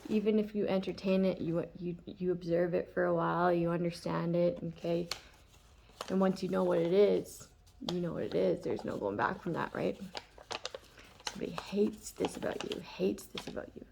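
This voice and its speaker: Gravelly, chatty woman tarot reader. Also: fairly low pitch, steady tone, normal speed, darkish tone, slight background noise. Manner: chatty, laughs often, lots of fillers. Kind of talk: casual tarot reading monologue.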